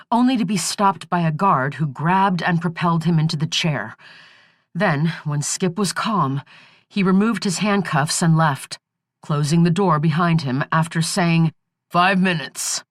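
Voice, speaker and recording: A woman narrates a scripted thriller audiobook in a slow, low voice. The recording is dry, with clean studio sound.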